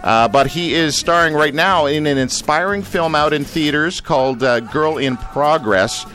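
A man's voice: on the high side, moderate pace, sharp tone, faint music behind. A Canadian man hosting a radio show, rambling and joking with many fillers. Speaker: radio host. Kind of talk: casual radio chat.

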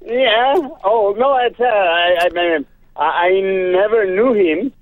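A man with a Mexican Spanish accent, a guest actor on a phone interview, hesitant with fillers and quick to laugh. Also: sits high, no room sound. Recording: tinny phone line.

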